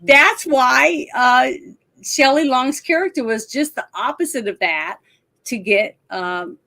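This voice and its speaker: A woman's voice: sits high, slow, sharp tone. Giggly woman retelling a movie. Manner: laughs often, retells scenes animatedly. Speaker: podcast co-host. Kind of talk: casual chat about a film.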